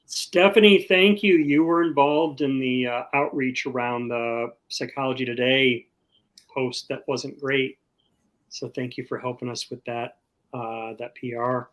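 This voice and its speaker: A man speaking on a live stream panel from home, casual and halting with many fillers. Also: mid-range voice, steady tone, fairly bright tone, rough recording. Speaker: organization director.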